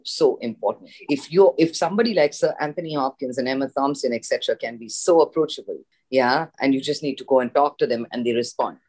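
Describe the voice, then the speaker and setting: A woman from India, an actress, telling an animated story in a casual interview, acting out the dialogue. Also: rumbling low. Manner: animated anecdote with acted-out dialogue and laughs. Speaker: guest actress.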